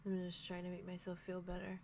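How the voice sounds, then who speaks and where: A woman playing Kai, a shaken young man who speaks quietly and flatly in disbelief. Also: medium pitch, moderate pace, a little hiss or hum, natural voice. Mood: disbelieving.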